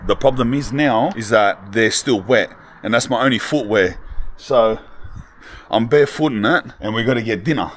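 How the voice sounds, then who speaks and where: A young man talks straight into a handheld camera on the road, loose and excitable. His voice sits at an ordinary middle pitch, and he fills his lines with bro, cuz and lad. A faint hum of a car and the outdoors runs underneath. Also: moderate pace. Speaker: travel vlogger. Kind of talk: casual travel vlog.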